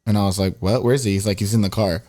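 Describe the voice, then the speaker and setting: Young man, podcast co-host, animated storytelling, swears a lot, acts out quotes. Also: lowish voice, very fast. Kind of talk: casual storytelling chat.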